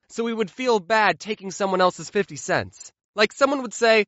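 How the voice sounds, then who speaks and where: A young man telling funny childhood stories, with a jokey manner and deadpan asides. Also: high-pitched, brisk, hardly any pauses, no echo, muffled recording. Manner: jokey, deadpan asides between acted-out quotes. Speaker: comedy storyteller. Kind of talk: animated comedic storytelling.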